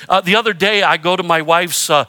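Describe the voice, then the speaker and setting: Bright, high-voiced preaching man. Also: a little fast. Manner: emphatic preaching with call-and-response prompts; self-deprecating humor and repeated phrases. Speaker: pastor. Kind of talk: sermon.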